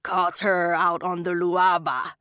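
A woman's voice: on the low side, little pitch movement, slow, pushed and bright, no room sound, clean studio sound. A woman voicing a grizzled, boastful old river boatman in a storybook reading. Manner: gruff, boastful.

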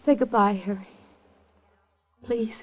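A woman's voice: on the high side, steady tone, slow. A woman playing a sick, desperate young chorus girl, pleading and tearful, in a 1950s radio drama. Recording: dull old radio recording.

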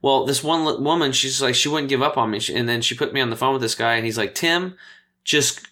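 Speaking quickly at a medium pitch, this man is a health coach being interviewed. He spins his stories casually and with animation, imitating the voices of those he quotes.

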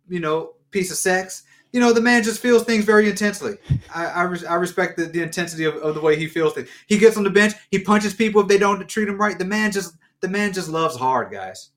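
Male sports podcast co-host, slightly high voice, rambling and animated. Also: a little fast. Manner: rambling, restarts and laughs, animated riffs. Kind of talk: casual sports chat.

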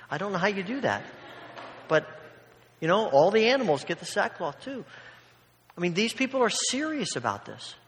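High-voiced preacher with humorous asides. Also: male voice, fairly bright tone, long reverb tail. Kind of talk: sermon.

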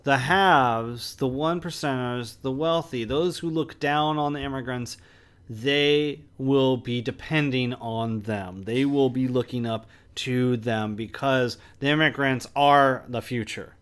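A man's voice: mid-range voice, takes it slowly, smooth. A man co-hosting a movie podcast, explaining at length with frequent restarts. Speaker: podcast co-host. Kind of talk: casual movie review chat.

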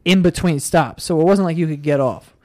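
A man's voice: on the high side, fairly quick, a little mellow. A young man from New hosting a podcast, telling stories animatedly and swearing a lot. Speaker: podcast host. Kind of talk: casual chat.

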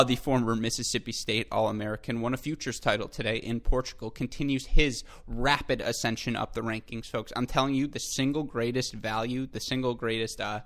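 An enthusiastic man hosting his own podcast alone, with a voice of ordinary middle pitch. He talks straight to his listeners, calls them folks, and often stops to fix a word mid-sentence. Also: creaky, fairly bright tone. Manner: frequent self-corrections and filler. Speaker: podcast host. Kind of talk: solo tennis podcast commentary.

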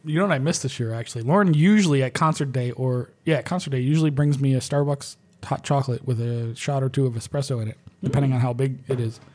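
A man speaking in loose, relaxed conversation about leading his band. He is blunt and profane and laughs easily. His voice sits at an ordinary mid pitch. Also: quick pace, few pauses. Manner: blunt, profane, laid-back. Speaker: pipe major. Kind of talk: casual podcast chat.

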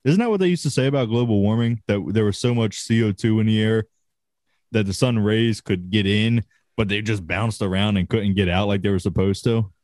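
A man's voice: fairly low pitch, brisk, darkish tone, dry recording, clean studio sound. A man chatting casually on a podcast, swearing freely and laughing often. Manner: profane, laid-back, laughs often. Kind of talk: casual chat.

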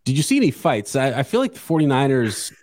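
A man's voice: medium pitch, very animated, fast talker, darkish tone, no room sound, studio quality. A man hosting a sports podcast, talking bluntly and chattily with frequent restarts. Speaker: podcast host. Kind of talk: casual sports chat.

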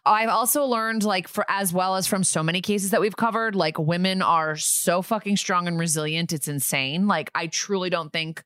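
A woman's voice: lowish voice, moderate pace, hardly any pauses, a bit bright, clean tone, no room sound, clean studio sound. A woman in her thirties co-hosting a podcast, chatting bluntly and jokingly. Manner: blunt, joking, says like a lot. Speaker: podcast co-host. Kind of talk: casual chat.

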